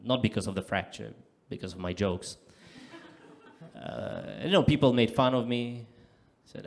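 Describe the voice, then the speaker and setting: A man with a lowish voice performs stand-up live at a comedy club, keeping a measured pace. His punchlines come deadpan, punctuated by bursts of loud impersonated voices.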